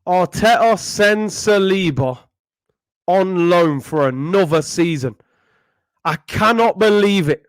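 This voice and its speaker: A man's voice: high-pitched, animated, takes it slowly, no room sound, clean studio sound. A young man ranting in exasperation as a football channel host, repeating himself in disbelief. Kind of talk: ranting vlog commentary.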